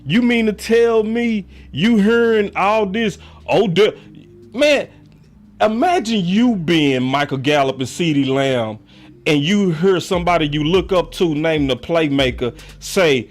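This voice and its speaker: A male sports show host who talks slowly and theatrically. His voice sits fairly high, and he swings between loud hype and low muttered asides to his viewers. Faint music plays underneath. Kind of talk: livestream sports talk.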